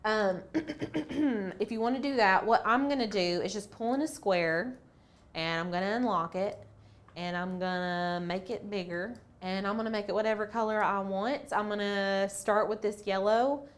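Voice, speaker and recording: A woman with a mid-range voice hosts a casual screen-share craft tutorial at normal speed. She's chatty and playful, thinking aloud as she works through each step.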